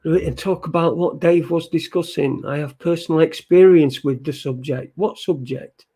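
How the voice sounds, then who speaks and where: A man's voice: on the high side, moderate pace, warm tone, breathy edge. A man hosting a live stream in casual chat, reading viewer comments aloud, rambling and swearing and repeating himself. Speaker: livestream show host.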